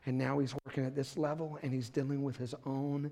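A middle-aged male pastor preaching a sermon in a church, dropping to a hush and then building to shouts, laughing along with the congregation. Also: mid-range voice, level tone, brisk. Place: church sanctuary.

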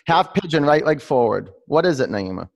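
A man's voice: fairly high pitch, very animated, a little fast, gravelly. A man leading a live-streamed yoga class, giving pose cues between rambling, laughing asides. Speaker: yoga teacher.

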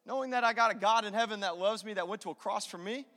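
Impassioned high-voiced man preaching in a hall. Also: quick pace. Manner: impassioned, swings from loud to hushed. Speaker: pastor. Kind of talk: sermon.

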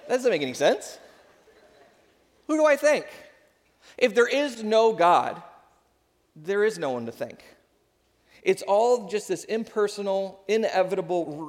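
Man, pastor, sermon, slightly high voice, long hall echo. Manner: conversational preaching, animated, quick asides. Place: church sanctuary.

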